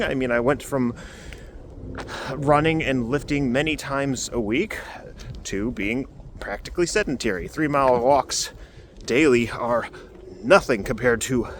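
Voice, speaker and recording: A vlogger shares a casual update on his recovery while walking outside in the cold, filming on a handheld camera. His medium-pitched voice is muffled by a face covering early on, he rambles loosely with fillers, and slight hiss or hum runs underneath.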